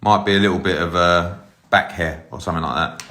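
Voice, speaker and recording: A man's voice: low-pitched, fairly even intonation, fairly quick, sharp tone, low-quality recording. Brash, upbeat man chatting on a phone. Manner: brash and upbeat, swears casually. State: a bit out of breath. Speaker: sports promoter. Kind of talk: casual live-stream chat with viewers. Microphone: phone held while walking.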